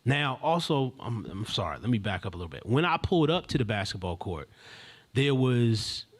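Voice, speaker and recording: A man's voice: medium pitch, big pitch swings, moderate pace, breathy edge. A man hosting a live stream, telling a story in a casual, rambling, slangy way with many asides and restarts.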